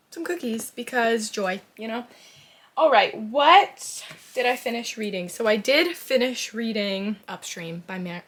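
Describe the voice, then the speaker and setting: A young woman talking casually at home about books she has been reading, chatty and expressive, with lots of fillers and sudden excited bursts. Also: fairly high pitch. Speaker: book vlogger. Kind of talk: casual reading vlog chat. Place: home, indoors.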